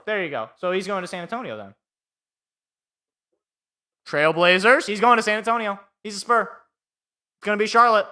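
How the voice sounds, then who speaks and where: A man's voice: high voice, normal speed, pauses often, bright, forceful tone. A young man hosting a live sports podcast alone, ranting in an exasperated, sarcastic way.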